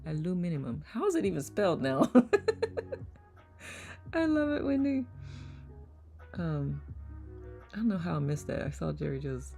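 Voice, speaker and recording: Low, gravelly-voiced woman hosting casually. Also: mellow. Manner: playful, laughs often, repeats words aloud. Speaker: host of online community circle. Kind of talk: casual live-stream chat reading comments.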